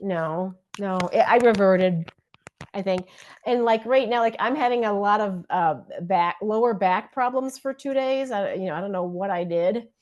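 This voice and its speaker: A woman chatting on a video call, telling a story with lively acted-out quotes. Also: mid-range voice, moderate pace, lo-fi sound. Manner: animated storytelling, acts out quotes loudly. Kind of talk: casual chat.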